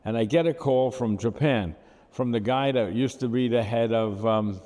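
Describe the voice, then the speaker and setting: A man's voice: medium pitch, normal speed, warm tone, big-room sound. Blunt older man with a Brooklyn accent. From United States. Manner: blunt, rambling, full of asides and fillers. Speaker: photographer. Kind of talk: talk about his photographs.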